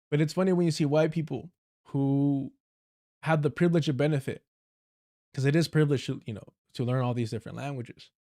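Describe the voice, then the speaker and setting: A man's voice: a little high, a little mellow. A man with a Southern Californian accent hosts a livestream and talks in a raised, lighter register than most men. He speaks bluntly, swears often, and breaks into short laughing asides as he comments. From Southern California, United States. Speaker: livestream host.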